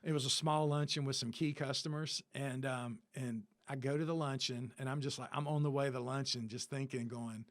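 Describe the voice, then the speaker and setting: A man's voice: mid-range voice, fairly even intonation, fairly quick, hardly any pauses. A middle-aged man, telling a long industry anecdote as an interview guest, full of fillers and acted-out dialogue. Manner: rambling, filler-heavy, acts out dialogue. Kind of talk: casual anecdotal storytelling.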